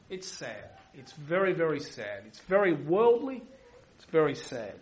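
A man preaching a sermon emphatically, repeating himself for weight and swinging from loud to quiet. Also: on the high side, sing-song, a little slow, low-quality recording. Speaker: pastor.

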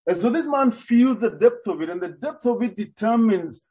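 A man preaching a sermon, expounding earnestly and deliberately, with frequent hesitations. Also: sits high, animated, mellow, dull audio.

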